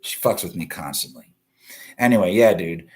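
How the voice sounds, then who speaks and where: This livestream news show host, a man from the US East Coast, has a deep, expressive voice at normal speed. He rants with blunt profanity and greets viewers who post in the comments.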